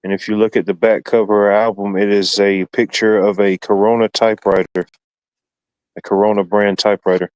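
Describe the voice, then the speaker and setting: A man telling a story in a casual group chat, relaxed and hesitant, with many pauses and fillers. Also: lowish voice, clear, resonant tone, poor audio.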